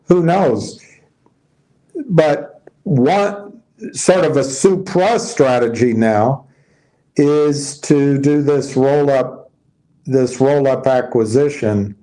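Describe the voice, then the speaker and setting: A man's voice: mid-range voice, dark tone, low-quality recording. A man giving casual stock market commentary, reading headlines aloud and musing over them in a loose, tired way. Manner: loose, restarting sentences, tired and yawning.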